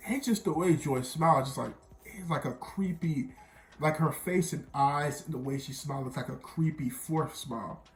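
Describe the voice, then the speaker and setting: A man's voice: fairly high pitch, moderate pace, reverberant. Rambling young man telling a story. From Miami. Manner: rambling, repeats himself, quotes others in dialogue. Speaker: vlogger. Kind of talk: storytime vlog.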